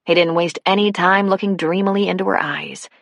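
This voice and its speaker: A woman with a notably low voice reads a novel aloud at a steady, unhurried pace. Her narration is recorded close and dry, with no room sound at all. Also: creaky, no echo. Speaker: audiobook narrator. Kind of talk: scripted narration.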